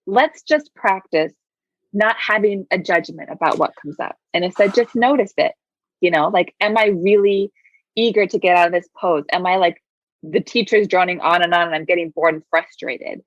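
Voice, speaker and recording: A woman who teaches yoga speaks as a guest in a conversational interview, her voice fairly low and her speed normal. She sounds reflective and thoughtful and says "like" a lot. The audio is dull but has no echo.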